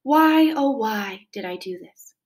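Woman reading a proud male swan father from a storybook, and he speaks in a lofty, earnest and wordy way. The voice sits a touch high. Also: animated, slow pace, a little mellow. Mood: remorseful. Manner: lofty, earnest, long-winded speech.

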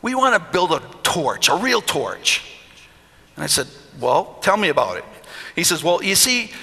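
A man's voice: high-pitched, moderate pace, gravelly, husky. A middle-aged man preaching a storytelling sermon in a church, acting out the voices of the people in his stories. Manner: animated, acts out voices in stories. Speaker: pastor. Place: church hall. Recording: long hall reverb.

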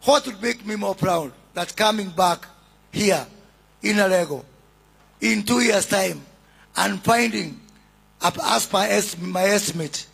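A Kenyan man delivers a public speech at a launch with slow, weighty phrasing and a gravelly edge. His voice sits high for a man and sounds husky. He talks like an orator working a crowd, with pauses built in for effect. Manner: deliberate, oratorical, with shouted greetings to the crowd. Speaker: government minister giving a speech.

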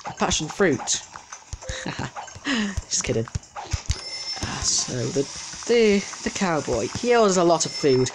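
A man's voice: sits high, sing-song, slow, pauses often, noisy background. A man giving casual let's-play commentary, chatty and easily distracted, talking back at the game's customers. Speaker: gameplay commentator.

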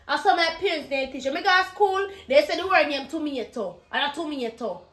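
Woman as a high, bright-voiced bossy Jamaican granny, scolds in thick patois, roomy echo. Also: lively intonation, brisk. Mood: scolding. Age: older. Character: stern bossy grandmother teaching her grandson words.

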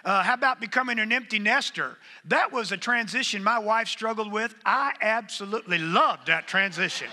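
With few pauses and a normal speed, a middle-aged pastor preaches in a high-pitched, expressive voice, bright and forceful. The sermon feels conversational as he calls "come on" to the congregation. It's recorded in a church sanctuary with long hall reverb.

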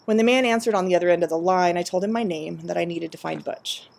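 A woman storyteller reading aloud a personal memoir story in a measured, reflective way. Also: on the low side, gravelly, a little mellow.

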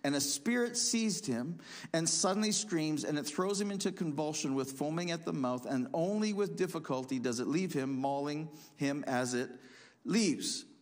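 Emphatic pastor in a reverberant hall. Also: male voice, normal speed. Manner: emphatic, swinging between loud punchy lines and low asides. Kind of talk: sermon.

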